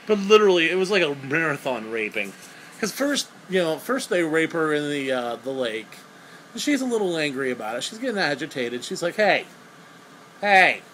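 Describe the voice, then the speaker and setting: A man's voice: a little high, fairly bright tone, slight background noise, rough recording. A young man giving a crude, sarcastic, rambling comedic movie review.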